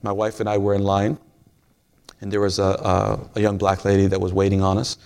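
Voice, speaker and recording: A man's voice: on the low side, completely flat delivery, a little fast, gravelly, a little mellow, clear, resonant tone. A man preaching a sermon in a folksy, storytelling way, joking with the congregation.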